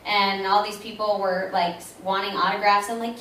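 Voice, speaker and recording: A woman's voice: medium pitch, moderate pace, few pauses, a little hiss or hum. A woman in her thirties, a voice actress telling stories at a convention panel and acting out the lines she quotes. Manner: animated storyteller acting out quoted dialogue, laughs often. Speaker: voice actress answering fan questions at a convention panel. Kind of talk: casual panel Q&A storytelling. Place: large convention panel room. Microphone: audience camera recording from the seats. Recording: echoey room recorded from far off.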